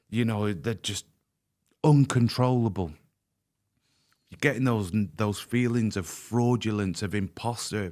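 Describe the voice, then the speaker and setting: A man with a slightly low voice speaks candidly as a podcast guest. He is earnest and emphatic, and he often doubles back on his words as he makes his point. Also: darkish tone.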